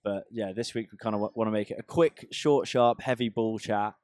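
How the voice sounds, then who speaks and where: A man's voice: on the low side, a little fast, a little mellow, dry recording, studio quality. A young man in his twenties co-hosting a casual podcast, chatty and jokey, laughing often. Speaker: podcast co-host.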